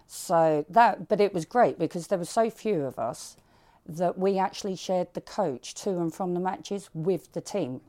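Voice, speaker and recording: A woman recalls a fan trip in a plain, fond way. Her voice is lowish and mellow. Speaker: football fan interviewee. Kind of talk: fond recollection.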